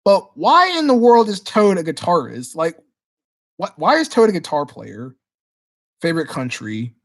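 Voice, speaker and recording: A man hosting a casual livestream Q&A, reading chat questions aloud and answering in an excitable way, often repeating words as he restarts his sentences. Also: a little high, normal speed. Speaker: livestream host.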